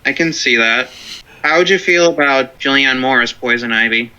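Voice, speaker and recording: A man joining a casual movie discussion as a guest, giving relaxed, brief replies. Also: medium pitch, moderate pace, clean tone, highs cut off. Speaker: co-host guest.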